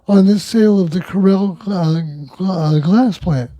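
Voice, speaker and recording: A man's voice: high-pitched, a little slow, mellow, dry recording. A man hosting a local talk radio show, reading news items in a conversational, wry way.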